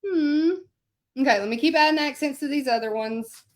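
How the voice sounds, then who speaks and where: A woman's voice: sits high, moderate pace. A woman chatting casually to live viewers in her home craft studio as she hand-letters a sign, rambling from story to task. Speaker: hand-lettering artist and channel host. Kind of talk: casual livestream chat while painting.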